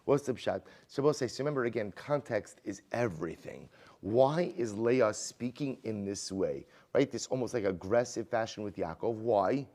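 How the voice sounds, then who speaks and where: A man teaching a Talmud class as a rabbi, conversational and animated, asking rhetorical questions and mixing in Hebrew and Aramaic terms. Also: lowish voice, moderate pace. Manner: conversational, many rhetorical "right?" questions and restarts; animated, swings loud and quiet for emphasis.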